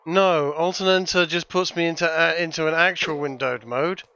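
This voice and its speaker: A man's voice: fairly high pitch, fairly even intonation, normal speed, pushed and bright, clean tone. A man streaming a video game and chatting with friends, stammering, joking and swearing often. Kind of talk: casual gameplay commentary. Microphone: poor-quality headset mic. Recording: lo-fi voice chat mic.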